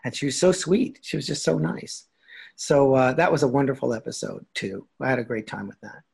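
An older man, a guest actor, chatting casually in an interview and telling animated stories. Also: medium pitch, fairly quick, gravelly, husky. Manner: animated storyteller, acts out quoted lines with laughs.

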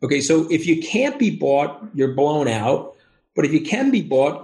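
A man talks in a fast, emphatic rush, clearly wired on caffeine. His voice sounds roomy, with the echo of the room around the mic. He leans hard into rhetorical questions. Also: on the high side, very animated, darkish tone. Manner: rapid, emphatic, acts out quoted voices. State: over-caffeinated and wound up. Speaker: podcast guest. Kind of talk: animated interview talk.

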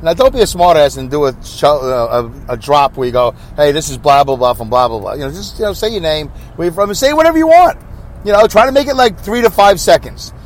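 A man's voice: high-pitched, lively intonation, fast. A man hosting his own podcast in a chatty, rambling, wry monologue, talking on the road as motorcycles pass. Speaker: podcast host. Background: passing traffic.

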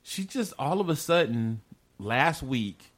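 A man's voice: medium pitch, expressive, takes it slowly. A man hosting a podcast in casual chat, telling stories loosely, swearing freely and laughing often. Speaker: podcast host.

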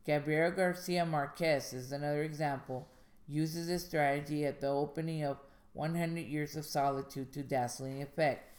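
A woman hosting a podcast on writing craft, reading aloud from a guide in a measured way and then talking it over loosely, with fillers and restarts. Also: sits low, fairly even intonation, darkish tone. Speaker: podcast host and indie author.

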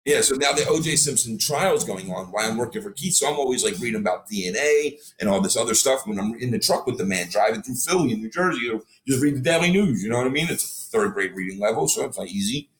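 A man telling stories as a guest on a casual podcast, animated, swearing freely and acting out what others said. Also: mid-range voice, fast talker, hardly any pauses. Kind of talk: storytelling in casual podcast chat.

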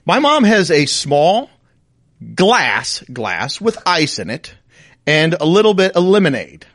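A middle-aged man tells a story on a casual chat show, with a high voice that swings widely. He laughs often and sounds mock-outraged. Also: big pitch swings, takes it slowly, fairly bright tone. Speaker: podcast co-host.

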